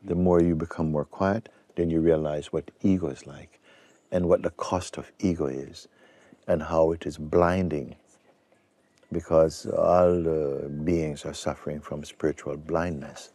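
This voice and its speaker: A man giving a spiritual talk to an audience, speaking slowly and reflectively with pauses and restarts. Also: very deep voice, fairly even intonation, dark tone, dry recording. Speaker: spiritual teacher.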